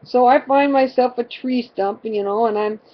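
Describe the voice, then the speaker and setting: A woman's voice: on the high side, moderate pace, muffled recording. A woman, a mother, rambling through a funny family story with constant fillers, dramatic and exasperated. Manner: rambling, fills with constant "you know". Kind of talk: casual personal storytelling.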